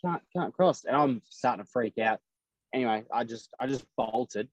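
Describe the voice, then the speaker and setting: A man's voice: mid-range voice, moderate pace, muffled recording. A man, a race driver telling a story in casual podcast chat and acting out the lines of others. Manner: animated storyteller acting out quotes.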